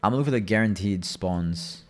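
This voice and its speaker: A man's voice: fairly low pitch, moderate pace, faint music behind. A young man streaming a game, chatting and telling rambling stories with plenty of swearing. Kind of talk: casual gaming commentary.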